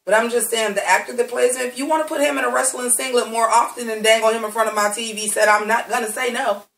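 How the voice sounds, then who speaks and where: Guy doing a sassy tv recap, swears a ton, bright voice, kinda far from the mic. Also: very high voice, steady tone, fast talker, gravelly, echoey room. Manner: blunt and heavily cursing, talks straight to viewers. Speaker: TV recap reviewer. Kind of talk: profane, sassy episode recap.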